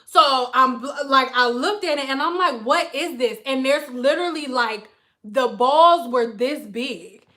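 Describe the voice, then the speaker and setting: A woman's voice: sits high, unhurried. A woman hairstylist ranting on a casual livestream, blunt and profane as she tells stories. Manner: blunt, profane, animated storytelling.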